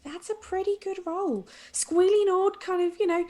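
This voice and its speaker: A woman's voice: very high-pitched, moderate pace, a little mellow. A woman narrating as game master of a tabletop game, playful and giggly.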